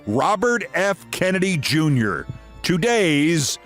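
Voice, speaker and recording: A man's voice: a little high, animated, a little slow, soft background music. A man from New York, hosting a scripted political commentary show in a sarcastic, theatrical manner. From New York, USA.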